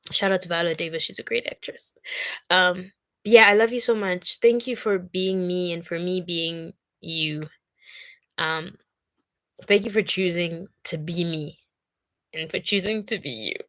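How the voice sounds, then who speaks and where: A woman's voice: on the low side, a little slow, fairly bright tone, dry recording. A young woman with a South African accent, talking to camera in an emotional, rambling way and crying at times. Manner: heartfelt, tearful, rambling with fillers. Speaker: vlogger. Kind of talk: emotional casual talk to camera.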